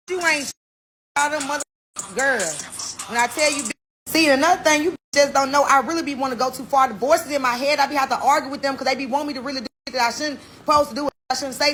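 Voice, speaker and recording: Bright, high-voiced woman ranting defiantly. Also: a little hiss or hum. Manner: defiant, boastful, cursing. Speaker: reality show personality. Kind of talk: heated rant to camera.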